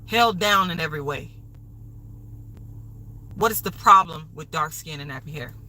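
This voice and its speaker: A woman's voice: sits low, moderate pace, pushed and bright, low-quality recording. Furious, profane woman ranting on a livestream. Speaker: livestream host. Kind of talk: angry livestream rant.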